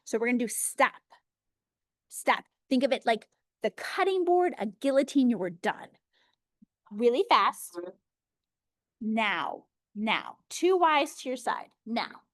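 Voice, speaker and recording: A woman's voice: a little high, no room sound, studio quality. Upbeat woman teaching a webinar. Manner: energetic, chatty, demonstrates words slowly. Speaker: early childhood workshop presenter.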